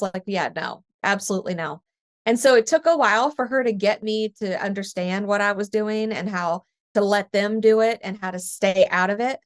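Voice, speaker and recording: A woman talking as a spiritual medium on a relaxed podcast. She tells stories with energy and laughs easily, and her pitch climbs high when she acts out her own past reactions. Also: moderate pace. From East Tennessee. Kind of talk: casual podcast conversation.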